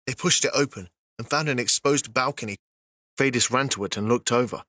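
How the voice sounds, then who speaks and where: A man's voice: medium pitch, brisk, pushed and bright, no echo. Man narrating a fantasy audiobook, dry.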